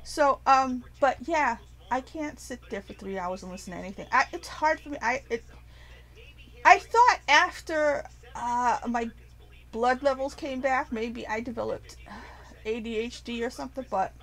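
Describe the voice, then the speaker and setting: Animated, swearing woman ranting casually. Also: fairly high pitch, normal speed, low-quality recording. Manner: animated, profane, rambling with restarts. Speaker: vlogger. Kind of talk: casual rant to camera.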